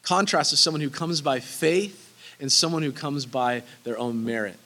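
His voice is fairly high, pushed and bright, at normal speed, as he preaches a sermon built on Bible verses. He stays earnest and emphatic, repeating key phrases for weight, though casual asides break into laughter.

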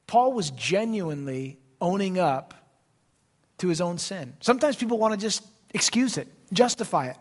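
In church, an animated pastor with a high voice preaches at normal speed, alternating forceful proclamations with quiet side comments.

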